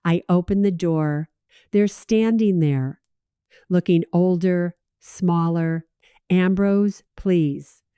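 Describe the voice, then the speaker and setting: Woman in her thirties as first-person storyteller, slow and even, clear voice, dry recording. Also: on the low side, no echo. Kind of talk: scripted story narration.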